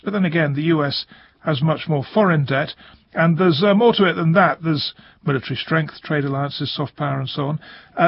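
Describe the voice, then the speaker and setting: Husky male news presenter. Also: fairly high pitch, highs cut off. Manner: conversational, with frequent uh fillers.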